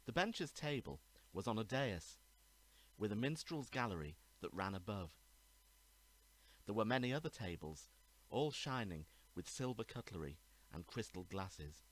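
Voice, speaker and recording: A man, the author, reading his own murder mystery aloud in a measured, even narration. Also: on the low side, low-quality recording. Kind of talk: storybook reading.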